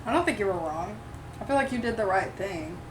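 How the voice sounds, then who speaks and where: A woman co-hosting a podcast, giving short, calm reactions and opinions in casual chat. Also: mid-range voice, brisk. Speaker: podcast co-host. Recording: echoey room, distant mic, noise.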